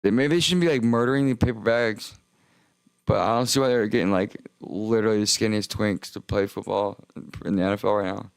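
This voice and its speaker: A young man with a deep, gravelly voice full of vocal fry rambles through a profane livestream monologue. He keeps breaking off mid-sentence and circling back. The sound is close and dry, with no room around it. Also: a little fast, no room sound. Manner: rambling, profane, self-interrupting. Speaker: streamer.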